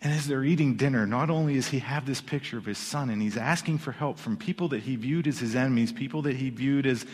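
A man's voice: medium pitch, fast talker, hardly any pauses, a little mellow, husky. Guy preaching in church, talky, restarts a lot, long reverb off the hall. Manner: conversational preaching with repeated restarts. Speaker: pastor. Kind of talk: sermon. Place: church sanctuary.

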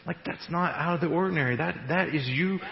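A man's voice: on the high side, fairly quick, creaky. Man preaching in an echoey hall. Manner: conversational, animated, laughs at own jokes. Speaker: pastor. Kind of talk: sermon. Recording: echoey hall, dull radio-like sound.

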